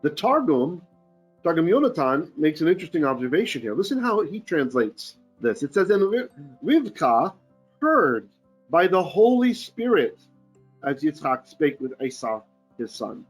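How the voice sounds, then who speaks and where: A man with a fairly high voice leads a relaxed Torah class as a rabbi. He chants each Hebrew verse before translating it in loose, joking talk, clearing his throat now and then. Faint music plays softly behind him. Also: a little slow. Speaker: rabbi teaching a Torah portion. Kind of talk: informal online Torah class.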